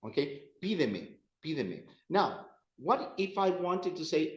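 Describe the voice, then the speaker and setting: A man teaching a grammar class, playful and animated, repeating phrases and addressing students. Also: fairly high pitch, unhurried, hardly any pauses, echoey room. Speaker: Spanish teacher.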